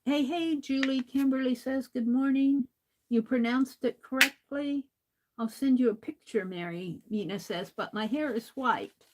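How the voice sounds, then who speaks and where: A woman's voice: high-pitched, unhurried, background noise. An older woman hosting a crafting livestream, talking to herself as she works and chatting with viewers, laughing often. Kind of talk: casual crafting chat while reading viewer comments.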